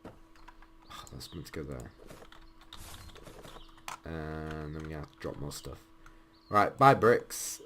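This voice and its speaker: Thinking out loud as he plays, this young gameplay commentator speaks in a deep, low register and drifts along with lots of ums. It's relaxed let's-play talk, with a steady hiss from his home mic underneath.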